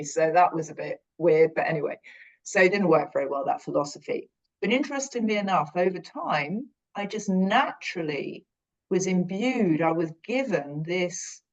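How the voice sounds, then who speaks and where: A British woman on a podcast, reflectively telling a personal story in a rambling, earnest way that often corrects itself. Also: fairly low pitch. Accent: British English. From Britain.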